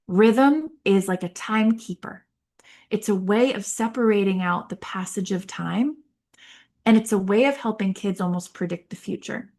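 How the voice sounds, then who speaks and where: Podcast host, woman, lively and playful delivery, with some gravelly fry in her voice. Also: medium pitch, measured pace. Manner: animated, demonstrates rhythmic and sing-song speech. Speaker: podcast host and speech therapist. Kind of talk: unscripted solo podcast talk.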